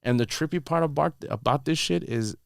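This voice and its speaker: A man's voice: on the high side, fairly quick, vocal fry, clean tone, no echo. A man, a podcast guest in a studio, telling a rambling story in casual slang full of "dude" and "bro".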